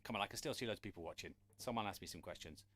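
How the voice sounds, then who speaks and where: A man's voice: low-pitched, very fast, fairly bright tone, no echo. Chatty man teaching drums live. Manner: chatty, encouraging, asks viewers for questions. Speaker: drum teacher. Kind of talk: live-streamed drum lesson. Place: room with a drum kit. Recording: drums and counting heard behind.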